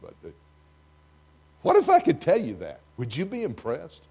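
Dramatic older Texan preacher. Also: male voice, on the high side, wildly swooping pitch, moderate pace, gravelly, breathy edge. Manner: dramatic, swinging from loud to hushed. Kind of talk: sermon. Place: church before a congregation.

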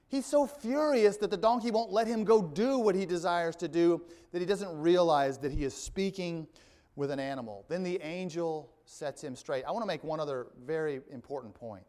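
A male pastor preaches a sermon, reading scripture aloud and then unpacking it verse by verse. His voice sits a little high for a man, and he adds dry, wry asides along the way. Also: normal speed, a little mellow.

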